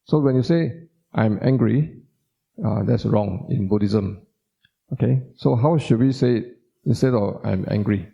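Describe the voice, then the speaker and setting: This man speaks at a moderate pace in a lowish voice that is creaky, mellow and slightly rough. He is a doctor delivering a casual Buddhist talk, stressing points through repetition and posing questions to listeners, captured on dull lo-fi audio.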